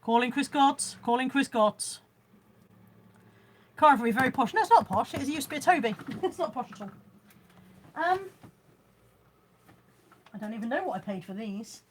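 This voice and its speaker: A woman's voice: on the high side, animated, a little fast, long pauses, slight background noise. A woman chatting casually on a live stream at home, showing her haul and reading out viewer comments. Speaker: vlogger. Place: room at home.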